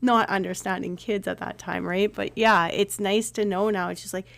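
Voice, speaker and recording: A woman's voice: medium pitch, fairly even intonation, moderate pace, gravelly. A woman hosting a podcast interview, talking earnestly and reflectively in a casual, conversational way and sharing stories about raising her son. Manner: earnest, reflective, shares personal parenting stories. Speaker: podcast host.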